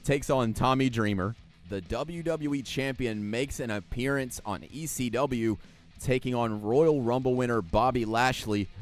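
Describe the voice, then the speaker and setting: Man, play-by-play game commentary, sarcastic, swears a lot, medium pitch. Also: a little slow, soft background music. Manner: jokey, laughs at what he describes. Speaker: gaming YouTuber commentating a wrestling game.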